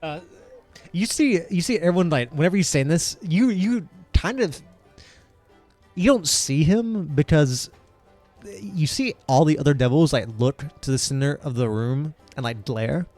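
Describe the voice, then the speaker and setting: A man running a tabletop game as game master, talking in a loose, rambling way full of fillers and restarts. His voice sits a little high for a man, and faint music plays underneath. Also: expressive, a little mellow. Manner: rambling, filler-heavy narration with quick voiced asides for crowd members.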